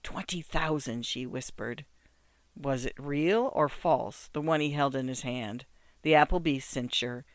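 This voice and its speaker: A man narrating a literary story aloud in a measured, expressive, rhythmic way. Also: medium pitch, no room sound, clean studio sound.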